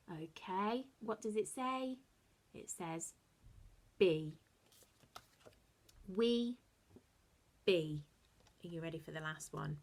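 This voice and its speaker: A woman teaching a phonics lesson to young children, encouraging them with slow, sing-song explanations and soft asides. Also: medium pitch, expressive. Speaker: early-years teacher.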